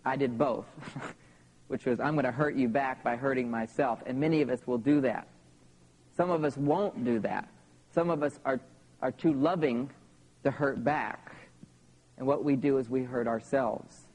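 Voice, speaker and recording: A man's voice: mid-range voice, unhurried, long pauses, darkish tone, poor audio. A man in his thirties tells personal stories in a live seminar talk to an audience, often checking in with "okay?". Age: 30s. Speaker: seminar speaker.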